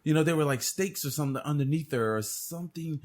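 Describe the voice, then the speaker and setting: A man co-hosting a podcast, chatting casually and telling stories in a profane, animated way with frequent laughter. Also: a little high, fast talker. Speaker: podcast co-host. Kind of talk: casual chat.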